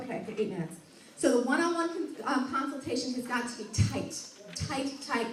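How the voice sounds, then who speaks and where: A woman with a high-pitched voice and big pitch swings speaks briskly, running an energetic sales training in a meeting room full of people. She acts out conversations with customers and laughs frequently, recorded from afar in an echoing room.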